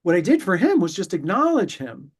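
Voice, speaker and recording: A middle-aged man from New York, a pediatrician, explaining his views in a measured, reflective way, with pauses and restarts. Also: sits high, wildly swooping pitch, husky. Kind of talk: conversational interview explanation.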